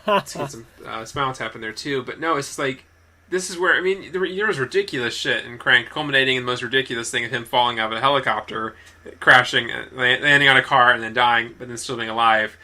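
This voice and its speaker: A man's voice: mid-range voice, quick pace, pushed and bright. A young man co-hosting a casual movie podcast, rambling and correcting himself as he talks, often laughing. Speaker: podcast co-host.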